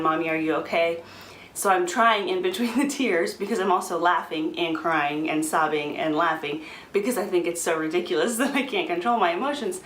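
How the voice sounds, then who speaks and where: A young woman vlogging casually, chatty and quick to laugh, with frequent ums. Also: on the low side, echoey room, slight background noise, poor audio. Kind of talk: casual pregnancy update vlog.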